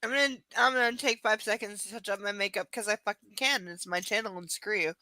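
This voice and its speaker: A woman's voice: medium pitch, brisk, pushed and bright, no room sound. A woman with an Ontario Canadian accent, hosting a live reading of a novel and chatting casually with viewers, swearing freely and making teasing asides. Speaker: livestream host reading a novel aloud.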